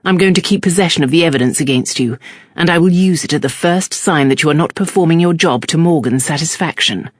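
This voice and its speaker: A narrator voicing a calm, stern middle-aged male magistrate in an audiobook, measured and quietly threatening. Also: medium pitch, no echo, studio quality, close to an everyday voice. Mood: cool, stern.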